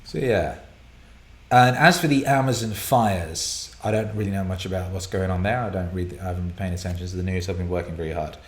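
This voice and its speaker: A man hosting a live viewer Q&A broadcast from a home studio, excitable and profane, laughing and rambling as he reads out questions. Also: deep voice, brisk, roomy sound. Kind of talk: casual live-stream chat, reading viewer questions.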